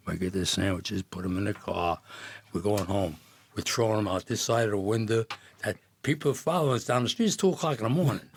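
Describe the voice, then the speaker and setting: Older man, low gravelly voice, husky, rambling storyteller, dry close mic. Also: a little fast, dry recording. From Jersey City. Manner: rambling, laughing storyteller with many restarts. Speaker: podcast guest. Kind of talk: storytelling in casual chat.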